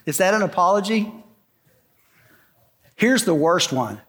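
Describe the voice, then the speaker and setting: A man's voice: high voice, lively intonation, measured pace, fairly bright tone. A middle-aged man preaching a sermon to a congregation, in an emphatic style that repeats its key lines. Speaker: pastor. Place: church sanctuary before a congregation.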